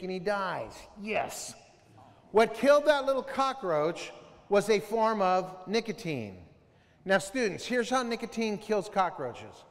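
A middle-aged man with a notably high voice addresses a room of students in a lively, storytelling way, quizzing them and acting out sounds. His voice carries long reverb from a large school hall. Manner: storytelling, asks the audience questions, mimics sounds. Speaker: school assembly speaker. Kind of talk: animated talk to students.

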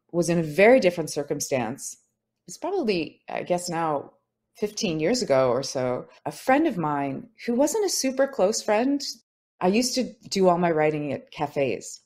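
A woman's voice: lowish voice, a little mellow. A woman author talking as a podcast guest, thoughtful and searching, with many "like" and "you know" fillers. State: tearing up. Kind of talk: reflective conversational interview.

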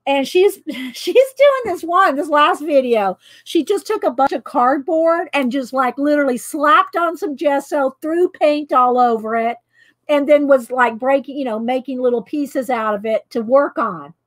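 Middle-aged Texan woman, chatty rambling live-stream artist, pitched a touch high. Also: animated, a little slow. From Texas. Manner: chatty, rambling, laughs often. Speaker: artist vlogger. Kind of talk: casual live-stream chat while coloring.

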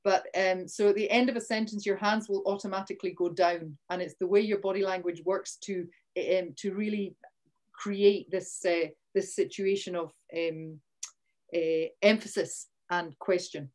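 A woman's voice: lowish voice, fairly even intonation, a little slow, a little mellow. Chatty Scottish woman leading an online workshop. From Scotland. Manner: chatty, restarts sentences, punches key words. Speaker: workshop presenter. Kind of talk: live online training talk. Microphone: video call.

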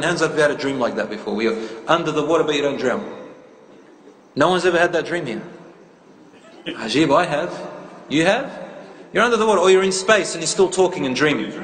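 The recording captures an echoey lecture hall with faint ambient noise, where a man with a somewhat high, slightly bright voice addresses a live audience. His Islamic lecture is interactive: he tells a story, quizzes the crowd, and mixes in Arabic phrases.

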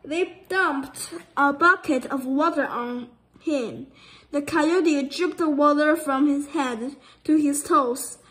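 A woman's voice: high voice, slow pace, a bit bright, rough recording. A woman reading a playful children's story aloud, stumbling now and then.

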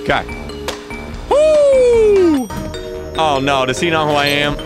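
A man's voice: fairly high pitch, flat delivery, quick pace, over music. A young man streaming a game live, joking around and laughing at his own pranks. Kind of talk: live-streamed gameplay chat.

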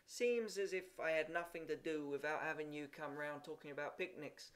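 A man's voice: a little high, normal speed, a bit bright, lightly acted. A man voicing an irritable, grumbling female cook who scolds sharply, in an amateur audiobook reading. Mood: scolding.

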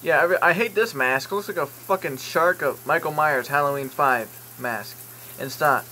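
Bright-voiced man rambling through a vlog. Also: on the high side, normal speed, a little hiss or hum, poor audio. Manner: rambling, jokey, swears, reads product listings aloud with asides. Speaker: YouTube vlogger. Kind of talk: casual vlog commentary while browsing online.

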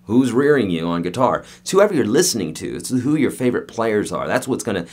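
A man giving a casual guitar lesson, chatty and joking, with animated asides. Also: fairly low pitch, a little fast. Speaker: guitar teacher.

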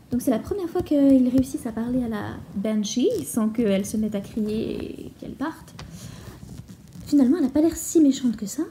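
A woman teacher reads a story aloud and stops to explain words to her learners, moving between two languages. Her voice sits a little high and sounds mellow and unhurried. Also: lively intonation, slight background noise, poor audio. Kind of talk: bilingual story reading lesson.

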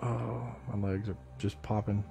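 A man's voice: lowish voice, flat delivery, measured pace, vocal fry, music in the background. A tired man streaming live, ranting in a blunt, profane and rambling way. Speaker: livestreamer. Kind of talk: casual live-stream rant.

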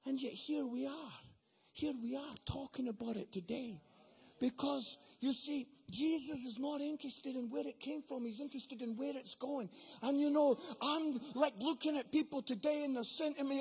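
High-voiced, excitable preacher man. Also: normal speed. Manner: excitable, builds to emphatic shouting. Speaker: guest preacher. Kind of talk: sermon. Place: church venue.

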